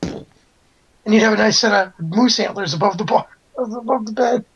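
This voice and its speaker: A podcast co-host throwing in quick joking remarks during casual chat. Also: mid-range voice, a bit bright, slightly rough, muffled recording. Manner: joking interjections.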